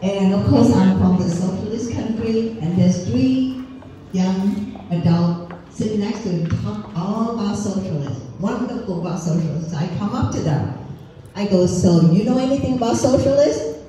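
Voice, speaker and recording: A woman's voice: mid-range voice, moderate pace, dark tone. A woman from Vietnam, a political candidate, telling a story in broken English as part of a campaign speech. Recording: echoey room from far off, faint noise.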